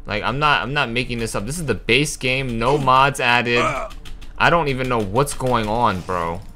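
A young man talks over his gameplay in a casual, excitable way, getting frustrated and swearing, then apologizing for it. His pitch sits in the middle. Faint game music and keyboard typing are heard behind him. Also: normal speed. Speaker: gaming channel host.

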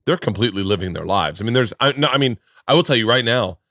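A man's voice: medium pitch, lively intonation, quick pace, a bit bright, dry recording, studio quality. A man hosting a podcast, chatting casually and telling stories with emphatic, loose phrasing. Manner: loose, emphatic storyteller with repeated restarts. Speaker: podcast host.

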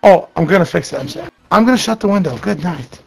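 A man's voice: high voice, lively intonation, quick pace, vocal fry, slightly rough. A man streaming games and chatting casually, blunt and swearing freely. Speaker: gaming streamer and company owner. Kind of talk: casual gaming chat.

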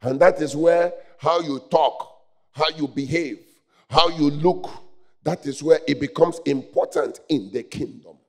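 Man preaching, slow deliberate delivery, higher-pitched voice, quiet asides then shouts, calls for responses. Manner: swings from quiet asides to loud shouted climaxes; slow, drawn-out emphasis. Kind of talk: sermon.

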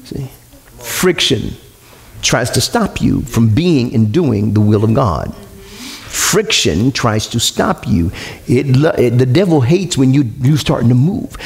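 A pastor with a high voice preaches to his congregation. He calls out questions for them to answer and climbs to loud shouts. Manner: call-and-response preaching, rising to shouts. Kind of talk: sermon. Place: church sanctuary with congregation.

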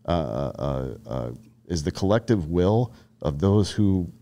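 A man in his thirties from the Carolinas, an army veteran appearing as a podcast guest, speaks in a low, gravelly voice with a dark tone. He's expressive but keeps a measured pace, talking bluntly and profanely in casual conversation and often restarting as he tells stories.

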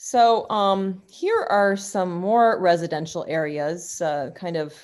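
A woman's voice: lowish voice, slow pace. A woman giving a university lecture, talking without a script, with frequent fillers and restarts.

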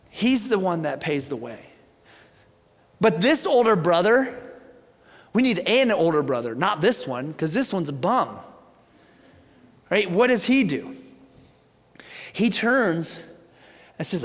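A man's voice: high-pitched, big pitch swings, takes it slowly, pauses often. A man preaching a sermon as pastor, telling the story animatedly with casual conversational asides. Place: church sanctuary. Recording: long church reverb.

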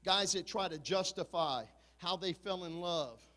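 A man in his fifties with a very high voice preaches with passion. He swings between shouted peaks and low, confiding asides to his congregation. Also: measured pace, long reverb tail. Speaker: pastor. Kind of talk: sermon.

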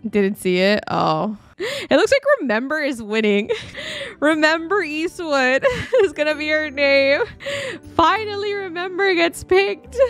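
Chatty high-voiced woman streaming a game. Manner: chatty, reacting to chat polls with gasps and laughs. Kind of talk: casual live-stream commentary. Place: home streaming setup. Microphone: desktop USB mic.

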